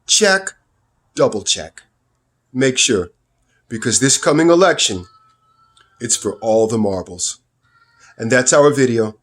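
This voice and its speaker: A man delivering political commentary in a vlog, emphatic and sarcastic, his pitch and loudness swinging widely. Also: animated, slow pace, long pauses.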